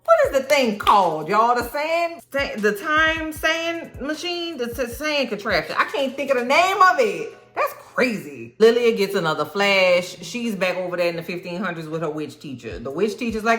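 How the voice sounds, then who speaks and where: A woman recapping a TV episode in casual slang, acting out the characters' lines in an animated storytelling style. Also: mid-range voice, brisk, few pauses, reverberant. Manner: slangy, cursing, talks straight to viewers. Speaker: TV recap host.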